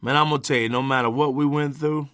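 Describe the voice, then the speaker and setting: A man's voice: mid-range voice, fairly even intonation, fast talker, a bit bright, dry recording, studio quality. A middle-aged man narrating his memoir in a punchy, folksy, conversational way with salty language.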